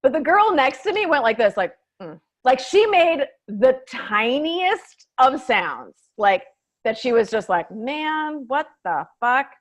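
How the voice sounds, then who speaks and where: A woman comedian telling a story in a casual interview, animated and swearing, often saying "like". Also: high voice, unhurried. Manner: animated, swearing, heavy use of "like". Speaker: stand-up comedian, guest.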